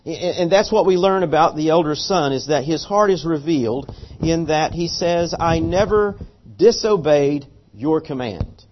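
A man's voice: a little high, moderate pace, few pauses, slight background noise. A man preaching a sermon, telling a story earnestly and animatedly, often restarting his words. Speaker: pastor. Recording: dull lo-fi sermon recording.

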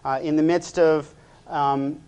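A male pastor preaching a sermon in a measured, hesitant way, with frequent pauses and fillers. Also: a little high, little pitch movement, a little mellow, smooth.

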